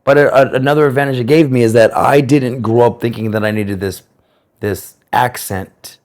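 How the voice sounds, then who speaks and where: An American man telling his personal story in an interview, speaking in a reflective, earnest way with careful, clear enunciation. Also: mid-range voice, fairly even intonation, normal speed, darkish tone. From United States.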